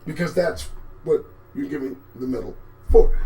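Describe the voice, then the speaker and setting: A man hosting a live commentary show, talking in a sarcastic, profane way and swinging from low mutters to sudden shouts. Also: lively intonation, normal speed, soft background music. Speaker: host.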